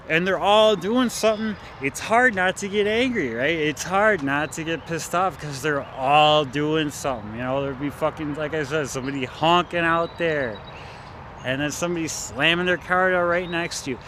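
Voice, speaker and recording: A man's voice: a little high, fairly bright tone, a little hiss or hum. A man vlogging outdoors near parked cars, talking in a profane, agitated, rambling way with many fillers. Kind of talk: rambling monologue to camera.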